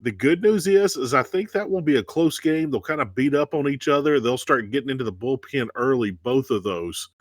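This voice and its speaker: A man's voice: medium pitch, expressive, fairly quick, hardly any pauses, dry recording. A man co-hosting a casual sports talk show, speaking in a laid-back, joking way. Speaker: co-host.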